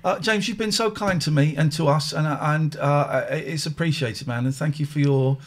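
A man's voice: fairly high pitch, normal speed. A man hosting a late-night show, chatting casually with a cheeky, playful manner. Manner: cheeky, playful, warm thanks. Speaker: radio show host. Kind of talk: casual chat.

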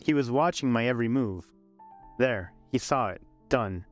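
A man narrating a scripted first-person love story in a calm, even way. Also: mid-range voice, moderate pace. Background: faint background music.

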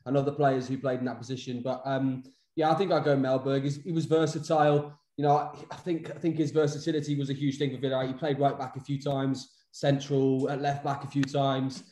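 A man's voice: medium pitch, level tone, brisk, mellow. A man hosting a casual chat, hesitant and often repeating his words as he goes. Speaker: podcast host. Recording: roomy echo.

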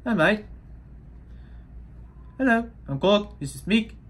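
Brief: cheerful big rock creature with a New Zealand accent, high and silly, as a young vlogger puts it on. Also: male voice, animated, takes it slowly, fairly bright tone, heavily acted. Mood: friendly. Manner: high, goofy put-on voice.

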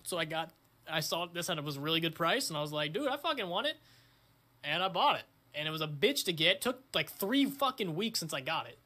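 A young man hosting his own channel, chatting casually in a crude, excitable way, swearing often. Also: on the high side, fast talker. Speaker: channel host. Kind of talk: casual vlog chat.

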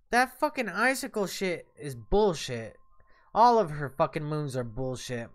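A man streaming a game live, tipsy and swearing loudly at the boss as he comments on his play. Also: a little high, clean tone. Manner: profane, yelling and cursing at the game. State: tipsy from drinks and smoking.

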